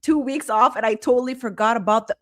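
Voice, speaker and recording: A woman hosting a casual live stream, chatting excitably and reading viewer comments aloud. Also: fairly high pitch, quick pace. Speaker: host. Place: Montreal.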